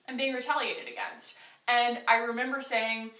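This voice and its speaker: A young woman vlogger telling a candid workplace story, chatty and animated with lots of fillers. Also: on the high side, moderate pace. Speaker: beauty vlogger. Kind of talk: story time vlog. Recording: echoey room, voice a bit far from mic.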